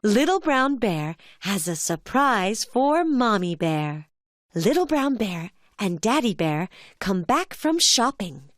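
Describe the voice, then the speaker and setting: A woman's voice: medium pitch, big pitch swings, takes it slowly, no echo. Lilting woman narrating a children's cartoon. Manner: clear, gentle storytelling with a lilting delivery.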